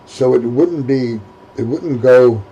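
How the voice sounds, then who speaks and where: A man with a gravelly, husky voice voicing a proud young woman who speaks with measured indignation. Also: mid-range voice, dark tone, poor audio. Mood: dignified, mortified. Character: young woman, mud-covered, proud and defiant.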